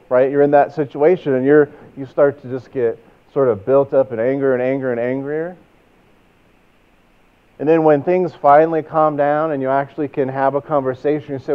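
A man with a Texas accent delivers a sermon in an easygoing, conversational style, spinning stories and posing rhetorical questions. His mid-range voice is smooth and moves fairly quickly. The recording sounds thin and tinny, like it came through a phone.

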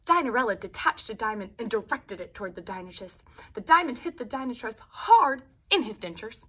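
A woman teacher reading a children's picture book aloud, expressive, adding explaining asides to young pupils. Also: fairly high pitch, fairly quick, slightly rough.

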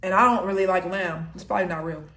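A woman's voice: lowish voice, fairly even intonation, quick pace, fairly bright tone. A young woman vlogger chatting casually through a mukbang food review. She talks between bites and hums while she tastes. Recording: roomy echo.

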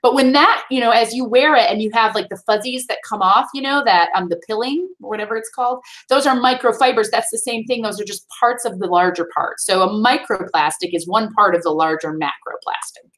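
A woman with a Midwestern accent, a sustainability expert, fields kids' questions during a video call to a virtual classroom, explaining things warmly and frequently asking "right?" Her voice sits on the high side and is a bit bright, fairly quick with few pauses.

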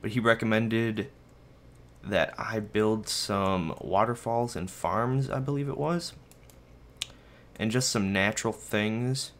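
A young man records casual gameplay commentary from his bedroom. His voice sits a little low, and he rambles easily, teasing himself and chatting straight to his viewers. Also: slow, fairly bright tone, slight background noise. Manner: rambling, self-mocking, talks to viewers and his dog. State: a bit out of breath. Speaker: gaming video host. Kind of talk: casual let's-play commentary. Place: bedroom at home.

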